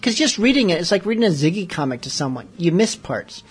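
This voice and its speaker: A man's voice: high-pitched, very animated, quick pace, breathy edge, soft background music. A man hosting a late-night show, chatting casually with rambling, joking asides. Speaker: radio show host.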